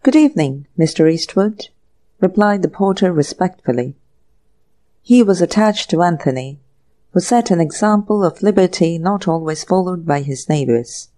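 A woman narrating a mystery audiobook in an even, measured storytelling manner. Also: on the low side. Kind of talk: scripted narration.

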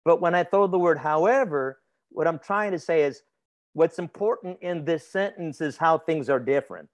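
A man with a fairly high voice teaches grammar to a class. He keeps it chatty and informal. He stops to put questions to his students and laughs easily. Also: normal speed. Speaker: instructor.

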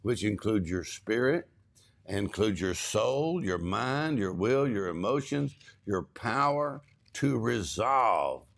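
A man minister teaching scripture in a steady conversational way, explaining verses and affirming his co-host. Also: lowish voice, takes it slowly, creaky.

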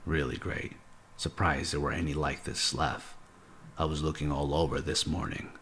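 A man's voice: very deep voice, little pitch movement, normal speed, a bit bright, a little hiss or hum. A man voicing a friendly, talkative male traveler with a Southern US accent, telling stories with enthusiasm. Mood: enthusiastic. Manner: chatty, enthusiastic storytelling.

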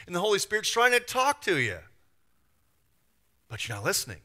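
A man preaching a sermon as pastor, lively and acting out the voices he quotes. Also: high voice, a little fast. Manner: animated, acts out voices and quotes. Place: church.

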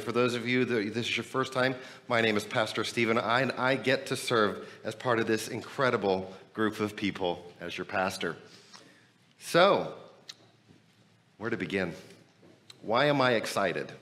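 A man's voice: lowish voice, normal speed. Pastor losing his voice. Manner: energetic, emphatic, rhetorical questions. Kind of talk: sermon and church announcements. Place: church building, temporary meeting room.

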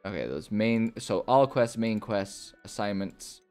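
A man's voice: lowish voice, animated, a little slow, darkish tone, clean tone, soft background music. A man casually chatting and reading game text aloud while playing a video game, rambling with lots of fillers. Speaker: gaming YouTuber. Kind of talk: casual let's-play commentary.

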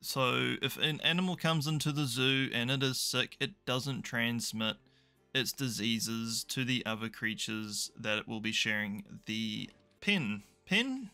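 A man's voice: mid-range voice, a little slow, pushed and bright, soft background music. A young man commentating a management game, chatty and thinking aloud with dry, self-mocking asides. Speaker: gaming YouTuber. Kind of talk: casual let's play commentary.

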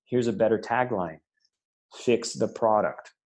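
Enthusiastic man with a low voice. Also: a little slow. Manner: enthusiastic, animated storytelling. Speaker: sales and marketing leader, guest. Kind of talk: conversational podcast interview.

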